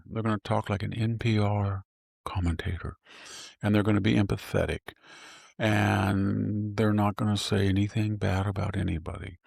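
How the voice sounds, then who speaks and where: A man's voice: on the low side, gravelly, dry recording, studio quality. An older man speaking as a political commentator in an interview, making emphatic points with rhetorical questions and repeated phrases. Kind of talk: opinionated interview talk.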